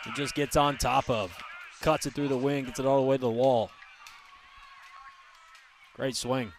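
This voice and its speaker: A man offers color commentary on a college baseball broadcast, walking through pitches and swings in a relaxed, analytical way. His voice stays flat with very little movement in pitch. Faint outdoor stadium noise sits behind him. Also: a little slow. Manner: relaxed, analytical, level delivery.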